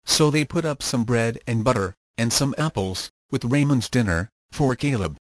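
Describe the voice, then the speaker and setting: Male narrator for an old children's story, mid-pitched, measured reading, dry close sound. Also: no echo.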